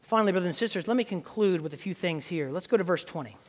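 A male pastor with a high-pitched voice delivers a sermon, loose and conversational, often restarting his sentences and filling pauses with "uh" and "you know". His voice rings with a long reverb from a church hall. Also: lively intonation. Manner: conversational storytelling with many fillers and restarts.

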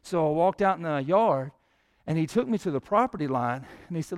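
A man preaching a sermon as pastor, his voice swelling louder and higher when he prays. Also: expressive, a little fast.

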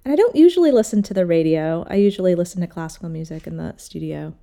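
A woman sculptor talks through her work in a casual interview. She tells her stories in an animated way and slips into the voices of the people she quotes. Her tone is lively. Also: lowish voice, fast talker, vocal fry. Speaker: sculptor, guest.

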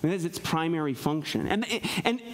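A pastor gives an expressive, slightly fast sermon in a chatty style. He regularly checks in with "right?" and alternates soft, low remarks with raised, emphatic sections.

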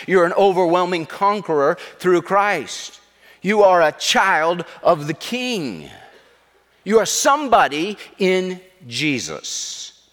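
A man's voice: mid-range voice, a bit bright, long reverb tail. A middle-aged man, a pastor, preaching a sermon with emphatic, repetitive delivery.

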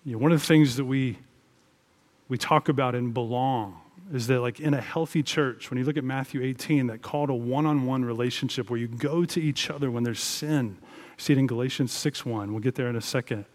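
A man delivering a sermon as a pastor, in a voice of ordinary pitch. He preaches in an earnest, conversational way and leans into his points with emphatic rises. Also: brisk.

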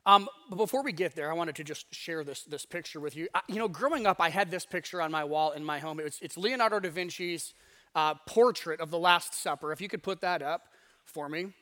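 Bright-voiced, high-pitched male pastor. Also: fairly quick. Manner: conversational, acts out voices in asides. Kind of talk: casual sermon. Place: church sanctuary.

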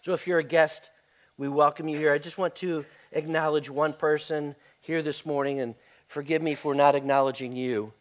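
A man preaching a conversational sermon as a pastor in church, often repeating words and swinging between soft and loud. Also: on the high side, steady tone, normal speed. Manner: conversational, repeats words, varies loudness widely. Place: church sanctuary.

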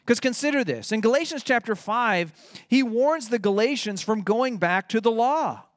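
A man's voice: extremely high pitch, expressive, moderate pace, dry recording, studio quality. A man preaching a sermon, emphatic and rising when he reads out scripture. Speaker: pastor.

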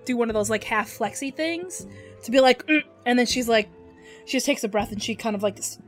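A woman's voice: a little high, brisk, soft background music. A woman playing a tabletop game, thoughtfully describing her character's actions with many fillers. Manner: thoughtful, with many likes and ums. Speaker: player. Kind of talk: casual game chat.

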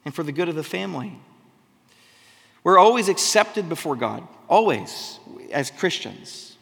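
A man's voice: a little high, sing-song, unhurried, creaky, fairly bright tone. A man giving a sermon, reading scripture aloud and explaining it in casual, conversational asides. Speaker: preacher. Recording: long hall reverb.

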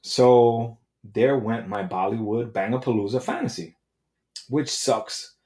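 A man's voice: mid-range voice, a little slow, a little mellow, reverberant. A man hosting a podcast, telling a comedic story in a brash, profane rant. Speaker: podcast host. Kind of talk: comedic monologue.

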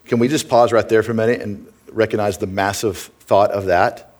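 A man's voice: on the low side, flat delivery, brisk, darkish tone. A middle-aged man preaching a sermon as pastor, earnest and conversational, often checking in with "right?".

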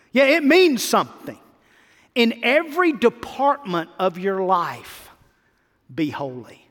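A man's voice: high-pitched, a bit bright, big-room sound. A male pastor preaching a sermon to his church, building emphatic repeated phrases. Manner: preaching with rising, emphatic repetition.

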